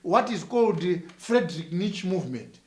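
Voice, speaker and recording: A man's voice: high voice, big pitch swings, normal speed, reverberant. A man with a Zimbabwean accent, a church minister answering interview questions in an emphatic, sermon-like way, repeating phrases with rising force.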